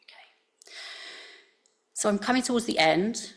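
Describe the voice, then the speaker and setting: A woman's voice: a little high, unhurried. A woman with an accent close to received pronunciation, giving a talk to scientists in a casual, conversational way with frequent fillers. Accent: near received pronunciation English. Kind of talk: presentation talk. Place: talk venue.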